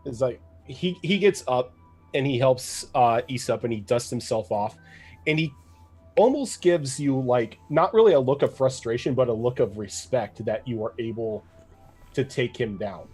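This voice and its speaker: A man's voice: mid-range voice, animated, normal speed, darkish tone, slightly rough, soft background music. A man narrating a tabletop game as game master, casual and full of fillers. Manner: casual, with many fillers and laughs.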